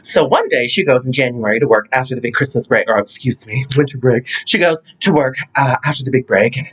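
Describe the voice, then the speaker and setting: A man from Ohio telling a funny family story in a campy, theatrical, animated way. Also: medium pitch, brisk, breathy edge. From Ohio, USA. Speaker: comedic storyteller. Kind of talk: casual comedic storytelling vlog.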